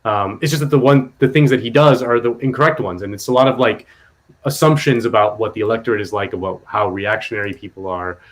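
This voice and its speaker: A man appearing as a guest journalist on a political talk show, talking casually and haltingly with many fillers. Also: lowish voice. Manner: rambling, hesitant, full of fillers.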